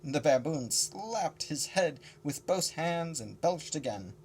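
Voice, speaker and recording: A man reading a novel aloud in a casual, expressive first-person narration, moving between character voices. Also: fairly high pitch, slow pace, a little hiss or hum. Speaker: audiobook reader.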